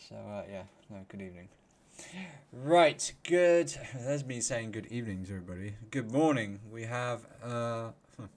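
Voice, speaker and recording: A man hosting a casual live stream, chatty and quick to laugh, greeting viewers by name. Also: mid-range voice, lively intonation. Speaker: livestream host.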